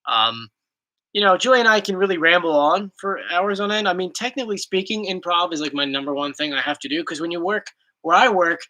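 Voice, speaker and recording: Young guy rambling thru viewer questions, super lively voice, bright tone. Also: sits high, brisk, rough recording. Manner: rambling, playful, reads comments aloud. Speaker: YouTube host. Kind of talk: casual chat reading viewer questions.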